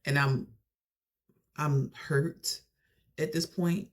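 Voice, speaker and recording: A young adult vlogger telling a family story in a casual, animated way. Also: mid-range voice, drawn-out words. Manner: animated, conversational retelling.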